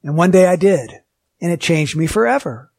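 A man preaching a sermon, earnest and emphatic, asking the listeners rhetorical questions and slowing down to stress key words. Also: fairly high pitch, lively intonation, gravelly, a little mellow. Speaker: pastor.

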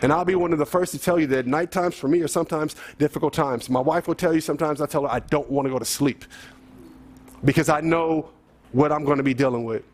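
High-voiced male pastor preaching conversationally. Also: quick pace. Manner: conversational preaching with rhetorical questions, rising to emphatic peaks. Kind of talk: sermon.

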